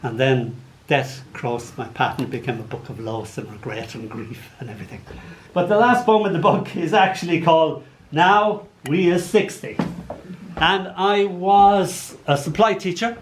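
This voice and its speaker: At a live reading in an arts venue hall, a poet in his sixties with an Irish accent tells playful stories between poems at a measured pace. His voice is a little high and laced with animated comic asides, and the roomy hall adds faint background noise.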